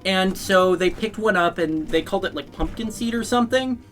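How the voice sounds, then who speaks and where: A man's voice: high voice, fairly quick, a bit bright. Male host telling loose, swear-laden stories over game play, with light background music. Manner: rambling storyteller, swears freely, laughs often. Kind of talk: casual chat while playing a video game.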